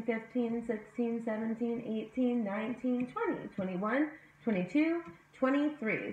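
A woman leading a children's circle time, drawing each word out slowly in a lively, sing-song voice that rises and falls a lot. Her voice sits a touch high, and it rings around a roomy, echoey home room as she talks to a webcam. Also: a little hiss or hum. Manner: slow, sing-song and encouraging, addressing young children. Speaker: preschool teacher.

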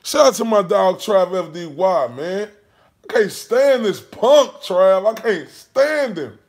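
A man's voice: high-pitched, expressive, takes it slowly. A man ranting about boxing on his channel, heated and mocking, swearing constantly. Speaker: boxing commentary vlogger. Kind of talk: profane casual rant.

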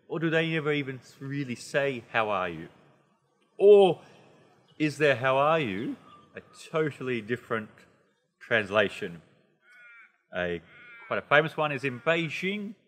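A man with an Australian accent giving a casual, chatty English lesson, animated and playful, with many asides. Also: mid-range voice, long reverb tail. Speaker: English teacher.

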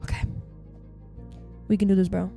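Male livestreamer, high boyish voice, excitable, loud sudden outbursts, casual chatter, faint music behind. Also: moderate pace, creaky. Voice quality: high youthful voice. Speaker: game livestreamer. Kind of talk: casual live-stream chatter to viewers.

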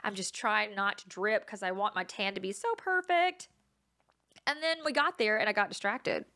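A woman's voice: medium pitch, normal speed, sharp tone. A woman hosting her own podcast, telling stories in a chatty, self-mocking way and laughing often. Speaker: podcast host. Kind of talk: casual storytelling monologue.

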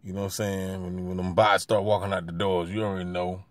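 A man vlogging from a street with a handheld camera, giving slangy running commentary that swings from low mutters to loud jeers. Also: level tone, fast talker, no room sound. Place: outdoors by a street.

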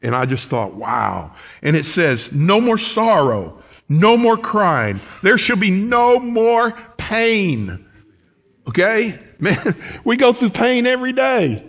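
A man's voice: high-pitched, slow. A middle-aged man, preaching a folksy sermon as pastor of his church. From United States. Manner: lively, folksy preaching with laughs and quoted asides. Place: church sanctuary.

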